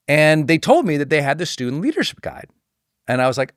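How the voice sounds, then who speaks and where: Animated man telling a personal story. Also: fast talker, dry recording, clean studio sound. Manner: animated, acts out quoted voices with pitch jumps. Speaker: podcast host.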